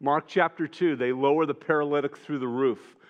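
Man, preacher, sermon, conversational, animated, acts out quotes. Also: on the high side, normal speed, narrow, tinny audio.

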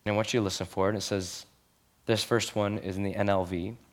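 Young guy pastor preaching, lowish voice, earnest, leans on the big words. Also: flat delivery. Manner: earnest, emphatic, slows down on key phrases. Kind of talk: sermon.

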